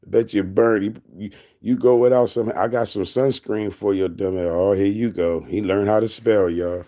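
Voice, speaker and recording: A man's voice: lowish voice, steady tone, moderate pace, mellow. A man on a casual livestream, reading and answering his chat in a teasing, mocking way, laughing often.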